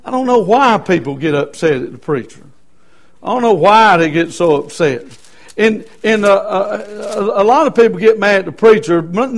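High-voiced preacher. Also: male voice. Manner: emphatic preaching with repetition and fillers. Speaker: Baptist pastor. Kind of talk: sermon.

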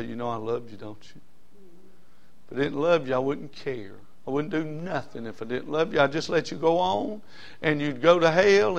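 A middle-aged man preaching a sermon. He calls out to his congregation for amens and swings between loud and soft delivery. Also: on the high side, gravelly.

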